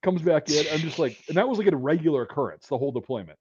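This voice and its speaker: Male host, slightly high voice, foul-mouthed storyteller with a dry lo-fi sound. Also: rapid-fire, husky, no room sound. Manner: profane, animated, shouts out quoted rants. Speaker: podcast host. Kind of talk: casual storytelling chat.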